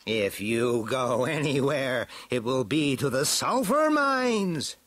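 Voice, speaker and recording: A man doing Skeletor, shrill raging villain. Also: big pitch swings, no room sound, exaggerated voice. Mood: scornful. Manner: high, strained, slow shouting. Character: villainous skeletal male warlord, shrieking and rageful. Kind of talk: storybook reading.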